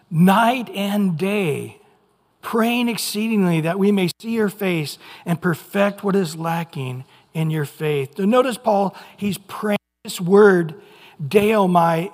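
A male pastor giving a fervent, emphatic sermon in a church, with quick asides. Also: high-pitched. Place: church sanctuary. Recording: long hall reverb.

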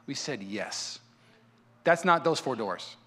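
A male pastor preaching a sermon in a fervent, fired-up manner with quick repeats. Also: medium pitch, expressive, sharp tone.

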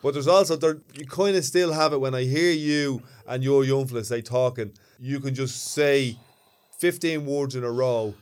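A man's voice: mid-range voice, moderate pace. Dublin man, co-host, thoughtful and agreeable, easy talk. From Ireland. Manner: reflective, agreeable, explains with examples. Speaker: podcast co-host. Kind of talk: casual chat.

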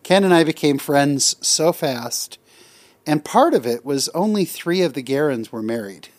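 A man's voice: a little high, unhurried, no echo. A middle-aged man co-hosting a podcast, telling stories in casual chat and often laughing as he talks. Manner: animated storyteller who laughs often. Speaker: podcast co-host.

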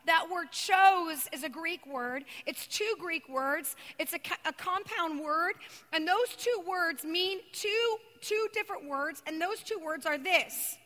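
A woman preaching a sermon in a very high, bright voice. She tells her story with drama, rising to loud cries and falling to hushed, almost whispered passages. Her voice rings out with the long reverb of a large hall. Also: slow pace.

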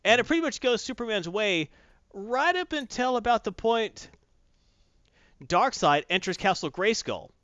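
In a casual, animated chat about a comic, a man with a high, smooth voice retells the story unhurriedly, performing voices for different parts. There's no room sound, and the recording is dry and muffled.

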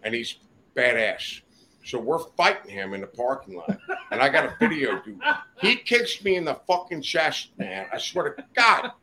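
Older male guest storyteller, profane and rambling, with a lively, swooping voice and a faint hiss. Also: medium pitch, normal speed. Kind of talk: casual chat, storytelling. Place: studio.

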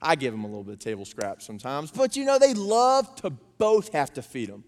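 A man, preaching a sermon and telling family stories with animated impressions. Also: fairly high pitch, brisk. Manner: animated storytelling, acting out his daughters' voices. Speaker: pastor. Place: church auditorium. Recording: long reverb of a church hall.

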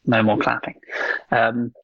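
Male podcast co-host, gravelly, rambling, swears freely, lots of ums. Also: mid-range voice, completely flat delivery, unhurried, no room sound, dull audio. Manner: rambling, swears casually, frequent ums and laughs. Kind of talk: casual chat.

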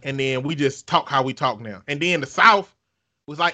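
A man's voice: fairly high pitch, normal speed, sharp tone. A man co-hosting a podcast in casual chat, joking, cursing freely and laughing often. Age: adult with children. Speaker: podcast co-host.

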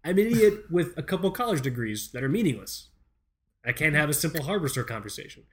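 A man's voice: a little high, big pitch swings, quick pace. An American man hosting a podcast, telling a rambling, profane, self-mocking comedic story. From United States. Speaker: podcast host.

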